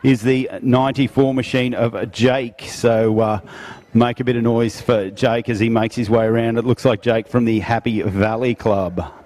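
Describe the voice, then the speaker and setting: A man calls a bike race on a public address system, speaking in an even, steady tone. He announces riders and addresses the crowd at an outdoor track. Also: mid-range voice, moderate pace. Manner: showman calling to the crowd. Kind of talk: live race commentary.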